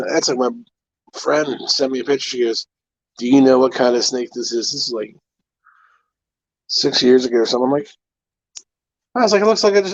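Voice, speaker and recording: A man telling stories on a relaxed live stream, stringing them together with "I'm like" and "he goes." His voice sits at a middling pitch. The sound is dry and a bit dull, like lo-fi stream audio. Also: no room sound. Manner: rambling storyteller, fillers like "I'm like". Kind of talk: casual chat.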